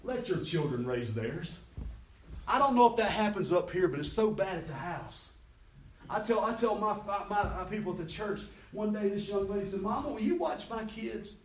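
A man's voice: high voice, lively intonation, normal speed. A middle-aged man preaching a sermon as pastor, telling folksy stories with quoted dialogue. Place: church sanctuary. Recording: echoey hall, distant mic.

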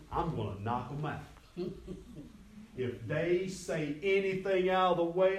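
A middle-aged male pastor, preaching in a folksy, storytelling way that slips into quoted voices. His voice sits a little high for a man. The sound is roomy and comes from somewhat far off the mic, as in a church hall. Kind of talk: sermon. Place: church sanctuary. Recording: echoey hall, distant mic.

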